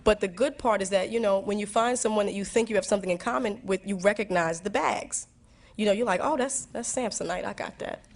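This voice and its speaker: A woman's voice: medium pitch, fast. A woman in her twenties speaking candidly to a school audience, reflective and playful, with many restarts, laughs and acted asides. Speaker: guest speaker answering students.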